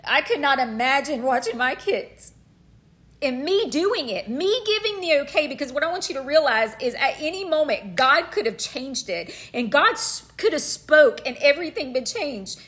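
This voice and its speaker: Woman preacher, middle-aged, high bright voice, fervent and emotional, builds with repetition. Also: big pitch swings, normal speed. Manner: fervent, emotional, repeats phrases for emphasis. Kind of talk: passionate sermon.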